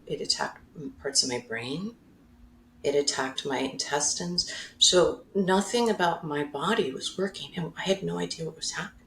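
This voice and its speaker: A woman's voice: deep voice, slight background noise. A woman guest in a conversation, telling a personal story openly and emotionally, laughing often and correcting herself as she goes. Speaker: podcast guest, mindfulness facilitator. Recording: roomy echo.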